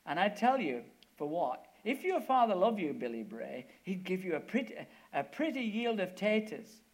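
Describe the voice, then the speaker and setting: A man's voice: sits high, big pitch swings, normal speed. A man voicing the devil as a sly tempter, taunting and sneering.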